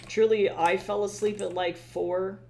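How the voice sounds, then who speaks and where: Tired streamer, casual rambling chat, cursing a lot, mid pitch, faint background noise. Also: level tone, unhurried, vocal fry, a little mellow. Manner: swears freely, rambling and chatty. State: tired from little sleep. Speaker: livestreamer.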